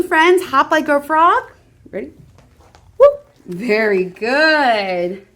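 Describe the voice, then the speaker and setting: A woman's voice: high voice, fairly bright tone. A children's librarian, a woman, reading picture books aloud at story time with gasps and animal sound effects, prompting the children to join in.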